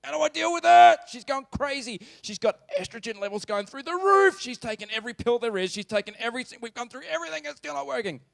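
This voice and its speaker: Worried husband at the end of his rope, a man doing him, strained and higher than usual. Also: lively intonation, fast talker, vocal fry, few pauses, fairly bright tone, exaggerated voice. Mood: anxious. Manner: strained, questioning, raised voice. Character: anxious, doubting husband at his wits' end.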